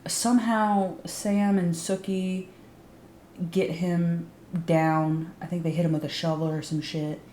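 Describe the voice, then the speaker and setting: A woman's voice: on the low side, level tone, slow, mellow, reverberant, slight background noise. A woman giving a casual, sarcastic recap of a TV show, swearing freely and saying "like" a lot. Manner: sarcastic, profane, frequent "like" fillers. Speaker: YouTube recap host.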